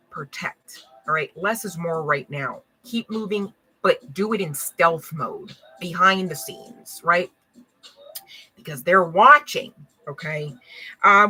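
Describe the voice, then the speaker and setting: Woman, spiritual reader, casual talk to viewers, bright voice, swears freely, laughs a lot. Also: on the low side, low-quality recording. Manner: slangy and blunt, swears, laughs often. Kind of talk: casual reading to a collective audience.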